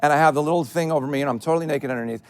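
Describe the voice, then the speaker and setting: Animated, chatty man telling stories. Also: a little high, racing. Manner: animated, chatty, laughs at his own stories. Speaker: podcast co-host. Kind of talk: comic storytelling on a live stage show. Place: live stage in a theater.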